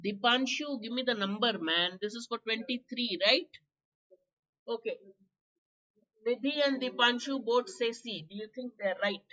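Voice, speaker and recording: Woman, Indian English accent, hoarse exam-prep teacher; bright, high voice, muffled stream audio. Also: a little slow. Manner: chatty, quizzing students by name, coughing. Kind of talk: live online vocabulary class.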